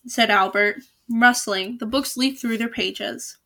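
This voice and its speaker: A young woman reads a children's novel aloud in a bright, clear, slightly high voice. She slips easily into casual, joking asides between passages. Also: slow. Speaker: storybook reader.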